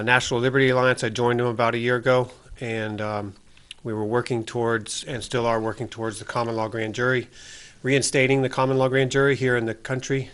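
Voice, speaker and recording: An earnest man hosts a small local cable talk show. His speech is halting and full of fillers as he gathers his thoughts. His voice sits at an ordinary middle pitch for a man. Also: fairly bright tone. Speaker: host. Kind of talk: casual public-access talk show.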